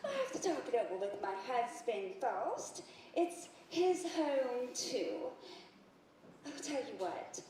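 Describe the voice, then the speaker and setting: A woman's voice: on the high side, sing-song, noisy background. A woman playing a chatty, friendly neighbor. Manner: warm, chatty, quick to laugh. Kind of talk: community stage play. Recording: echoey hall picked up from far off.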